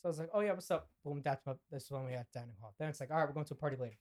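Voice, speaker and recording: Young man telling an animated party story. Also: fairly high pitch, rapid-fire. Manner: animated, acts out quoted lines, laughs mid-story, swears casually. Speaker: podcast co-host. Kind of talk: casual storytelling chat.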